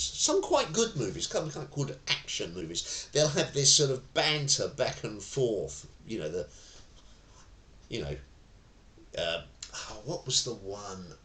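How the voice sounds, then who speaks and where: A man teaching self-defence in a relaxed, anecdotal way, acting out the phrases he quotes. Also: medium pitch. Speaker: tai chi and self-defence instructor. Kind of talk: spoken lesson. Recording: roomy echo.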